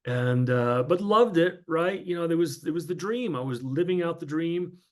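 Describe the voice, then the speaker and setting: Interviewed about his life, this northern New Jersey man in his fifties, a former sportscaster, speaks at a moderate pace in a slightly high voice. He tells it chattily through anecdotes, leaning often on fillers.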